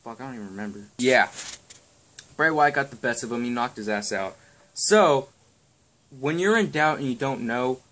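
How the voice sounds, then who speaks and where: Young dude rambling about wrestling picks, crude and offhand, says um a lot. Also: male voice, mid-range voice, animated, moderate pace, pauses often, a bit bright. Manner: rambling, crude and offhand, lots of ums and swearing. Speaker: wrestling predictions vlogger. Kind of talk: casual chat.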